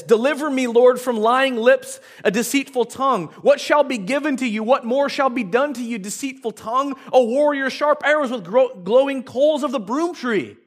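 Male pastor, very high voice, animated sermon delivery with playful asides. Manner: animated, acts out prayers and asides with humor.

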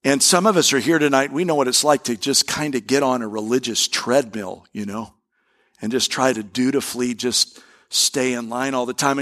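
A man's voice: mid-range voice, fairly bright tone. A pastor preaching a sermon to a congregation in an earnest, conversational way, often restarting his sentences. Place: church service before a live congregation.

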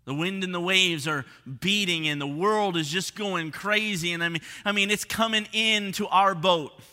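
Male pastor, high bright voice, expressive sermon delivery, hall reverb. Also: moderate pace. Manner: expressive preaching, drops to hushed tones for emphasis.

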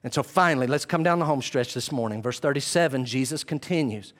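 A man preaching a sermon as pastor, animated and acting out the voices he quotes. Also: medium pitch, fast talker, hardly any pauses.

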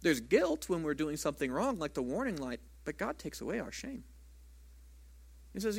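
A male pastor delivers a sermon in a church sanctuary, with a voice that sits a touch higher than most men's. He keeps a conversational preaching manner and throws rhetorical questions out to the congregation. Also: big pitch swings, moderate pace, creaky, slightly rough.

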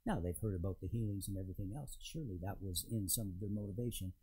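A man preaching a sermon to a congregation, retelling a scripture story in a conversational, storytelling way with emphatic pauses. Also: deep voice, mellow, husky, rough recording. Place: church in front of a congregation.

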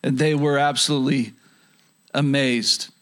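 A man's voice: mid-range voice, fairly even intonation, unhurried, fairly bright tone. A man preaching a sermon as pastor, earnest, with frequent stammered restarts and rhetorical questions to the audience.

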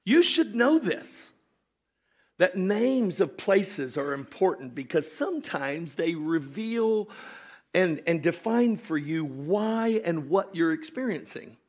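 A man preaching a sermon, animated, swinging from shouted storytelling to hushed joking asides with his congregation. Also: high-pitched, slow. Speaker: pastor.

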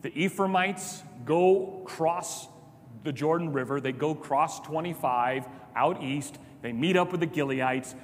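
Man preaching, highish voice, animated storytelling, soft low asides, long hall reverb. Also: a little slow, slight background noise. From Chicago. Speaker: pastor. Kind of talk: sermon.

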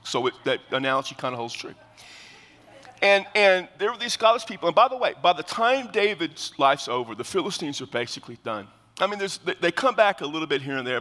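Lively high-voiced pastor in his fifties. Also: big-room sound. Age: 50s. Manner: lively, joking, conversational preaching. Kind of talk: sermon.

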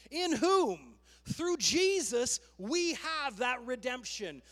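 A man's voice: very high voice, very animated, slow pace, hardly any pauses, fairly bright tone. A male pastor preaching a fervent sermon, calling "come on" to his congregation, in a long hall reverb.

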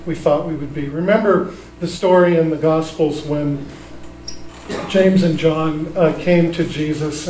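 A man preaching a sermon as a pastor, telling stories in a relaxed, conversational way with frequent restarts. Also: a little high, echoey room, far from the mic, rough recording. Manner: conversational storytelling with many restarts.

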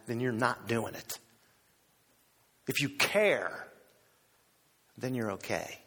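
A man preaching a sermon as pastor, animated and theatrical, acting out the voices he quotes. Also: unhurried, pauses often, breathy edge, long reverb tail. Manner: animated, acts out quoted voices with big pitch swings.

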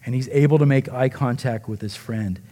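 This sermon comes from a man preaching as pastor at a brisk clip in a mid-range voice. He acts out the quoted lines with flair and falls to a near hush in the emotional moments.

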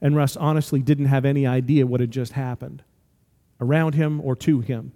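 A man's voice: mid-range voice, fairly even intonation, normal speed, dark tone, long reverb tail. A man in his forties preaching a sermon, telling a story and building to emphatic, rising exhortations. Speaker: pastor.

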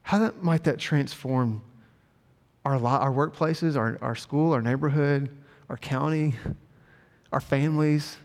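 A man's voice: medium pitch, fairly even intonation, moderate pace. A man preaching a sermon as pastor, speaking earnestly with repeated phrases and building emphasis. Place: church sanctuary. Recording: long hall reverb with faint music.

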